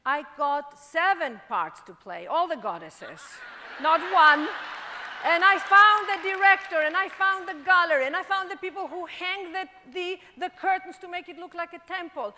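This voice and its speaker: A Greek-accented woman tells her story to a large audience, acting out each exchange with lively storytelling. Her voice is high and bright. It carries through the long reverb of a performing arts hall. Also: unhurried. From Greece. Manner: animated storytelling, acting out dialogue. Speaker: speaker. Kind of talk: motivational stage talk. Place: performing arts center stage.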